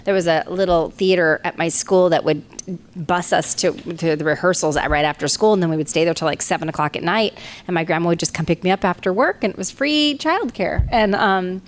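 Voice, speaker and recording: A woman's voice: lowish voice, a little fast, a little hiss or hum. Chatty, laughing woman in her forties. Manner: rambling, chatty, laughs often. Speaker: panel guest voice actress. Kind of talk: casual storytelling at a fan convention panel. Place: convention panel room. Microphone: handheld microphone.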